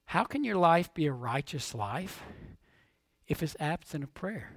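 Pastor, male, very high bright voice, dry close sound, sermon delivery moving from hushed to emphatic. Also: very animated, moderate pace, no echo. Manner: preaching with rhetorical questions, swinging from hushed to emphatic.

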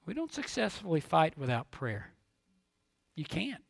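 A man preaching a sermon as a pastor, asking rhetorical questions and swinging between hushed and emphatic delivery. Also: on the high side, huge pitch swings, measured pace, creaky, husky, no room sound, clean studio sound.

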